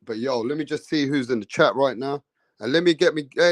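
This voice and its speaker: A man's voice: a little high, brisk, no room sound. A man hosting a casual boxing livestream, greeting viewers in the chat by name in slangy talk.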